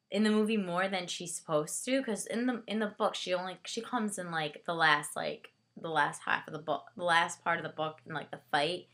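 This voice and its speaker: A young woman giving a casual book and movie review, rambling excitedly with lots of fillers and side comments. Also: on the low side.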